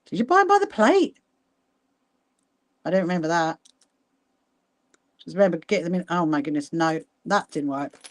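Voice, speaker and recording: A woman's voice: on the low side, lively intonation, normal speed, long pauses. Chatty woman hosting a sewing livestream. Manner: chatty, greets viewers by name, laughs often. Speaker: livestream host. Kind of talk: casual livestream chat while sewing. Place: sewing room at home.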